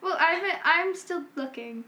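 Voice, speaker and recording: High-pitched giggly young woman. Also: expressive, sharp tone. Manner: giggly, explains rules haltingly. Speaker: family game player. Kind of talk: casual family chat.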